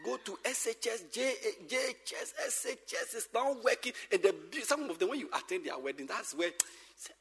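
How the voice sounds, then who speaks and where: High, lively preacher in a hall. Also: male voice, brisk. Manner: animated, repeats phrases, swings from shouting to whispering. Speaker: pastor. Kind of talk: sermon to church workers.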